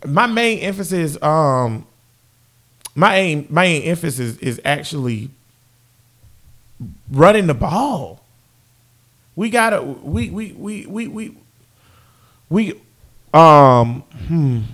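A high-voiced young man breaks down his team's offense in a casual fan rant. He keeps circling back to the same phrases and talks directly to the people watching. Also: takes it slowly, long pauses. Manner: animated, repeats phrases, talks straight to viewers. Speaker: sports fan commentator.

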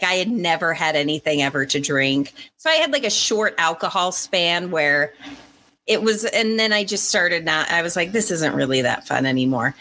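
A woman, telling stories in a casual podcast chat, animated and quick to laugh. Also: fairly low pitch, slight background noise. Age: 40s. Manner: animated storyteller, laughs often. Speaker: podcast co-host.

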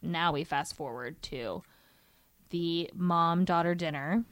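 A woman's voice: lowish voice, slow pace, a bit bright, dry recording. Chatty young woman recapping, dry close mic. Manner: chatty, exasperated storytelling with fillers. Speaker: podcast co-host. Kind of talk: casual chat recapping a reality show.

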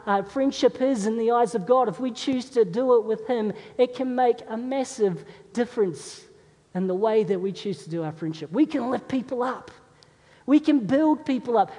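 A man's voice: sits high, warm tone. A man, a pastor, preaching a sermon in a conversational, storytelling way and putting questions to his congregation. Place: church. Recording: long reverb of a large hall.

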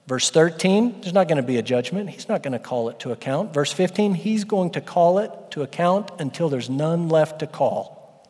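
A male pastor delivers an emphatic sermon, leaning hard on key words and pausing for effect. His voice sits a little high for a man. It rings out with a long reverb that fills the church hall. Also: animated, a little mellow, slightly rough. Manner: emphatic preaching with dramatic pauses.

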